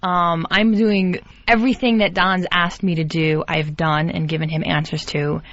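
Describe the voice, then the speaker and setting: A woman's voice: on the low side, little pitch movement, moderate pace, fairly bright tone. A young adult woman, an intern on a radio show, explaining herself earnestly and a little defensively. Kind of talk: casual radio talk. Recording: dull lo-fi radio broadcast.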